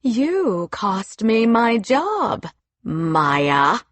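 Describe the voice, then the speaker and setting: A woman's voice: fairly high pitch, big pitch swings, slow pace, dry recording, exaggerated voice. A woman reading an audiobook, voicing a venomous, scheming female official who spits her words through gritted teeth. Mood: threatening.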